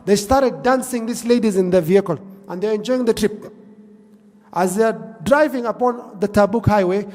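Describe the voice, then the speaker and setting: High-voiced preacher telling a story in a hall. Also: male voice, moderate pace, a little mellow. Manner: emotive storytelling, quoting figures in Arabic then English. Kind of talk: sermon storytelling.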